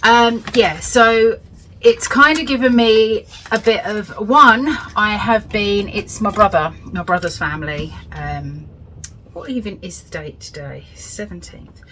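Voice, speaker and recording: Bright-voiced British woman vlogging. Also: mid-range voice, unhurried, slight background noise, poor audio. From United Kingdom. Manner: rambling and candid, with frequent fillers and laughs. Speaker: budgeting channel host. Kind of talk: casual chatty vlog.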